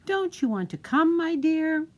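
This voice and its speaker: A woman's voice: high-pitched, very animated, a little slow, voice pushed up. A woman voicing a doting mother who sweetly coaxes her son in a read-aloud picture book. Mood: coaxing. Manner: sweet, coaxing.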